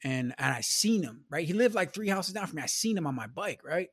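A man from the American Midwest tells stories from his childhood in an easy, rambling manner, filling his talk with "you know", "man" and "bro". His voice sits a bit higher than most men's, and the sound is close and dry, with no room echo. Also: very animated, a little fast, a bit bright, slightly rough. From Milwaukee, US Midwest. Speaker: podcast guest. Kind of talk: casual storytelling conversation.

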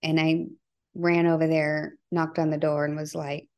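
Low-voiced middle-aged woman, halting and earnest. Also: little pitch movement. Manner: halting, earnest retelling with frequent restarts and "you know". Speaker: podcast guest. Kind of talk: conversational interview storytelling.

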